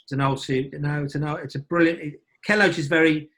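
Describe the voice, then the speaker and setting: A man with a slightly high voice chatting as an interview guest. He rambles enthusiastically, cutting himself off and restarting his thoughts. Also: fairly even intonation, quick pace, fairly bright tone. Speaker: actor, podcast guest. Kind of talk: casual interview chat.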